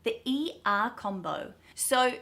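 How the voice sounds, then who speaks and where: A woman's voice: on the high side, animated, slow pace, vocal fry, sharp tone. Australian woman coaching pronunciation. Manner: upbeat, explaining carefully, stretching out example words. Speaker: accent coach. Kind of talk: pronunciation lesson to camera.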